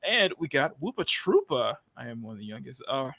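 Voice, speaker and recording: A man hosting a casual live stream, excitable and giggly, greeting viewers in chat by name. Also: medium pitch, fairly quick, vocal fry. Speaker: streamer host.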